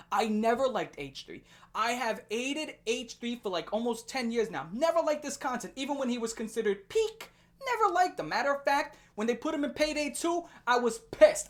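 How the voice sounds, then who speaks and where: Lively young woman ranting. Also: medium pitch. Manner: animated, profane, laughing often. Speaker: commentary channel host. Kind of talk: ranting commentary.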